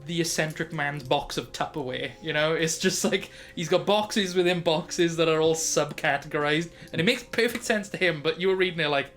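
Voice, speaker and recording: A man's voice: on the high side, normal speed, hardly any pauses, fairly bright tone, soft background music. A man narrating as game master of a tabletop game, describing things in a rambling way full of fillers.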